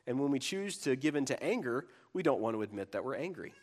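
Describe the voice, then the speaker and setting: A man preaching a sermon in a conversational way, breaking into quick impressions of children and adults. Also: mid-range voice, big pitch swings, darkish tone. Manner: conversational, acts out quoted voices of kids and adults.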